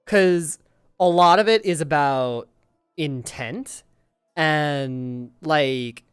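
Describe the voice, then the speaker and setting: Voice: medium pitch, extremely slow, smooth, no room sound, studio quality, faint music behind. A streamer chatting casually to viewers out of character, rambling and exasperated, swearing heavily. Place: at home, recording in virtual reality.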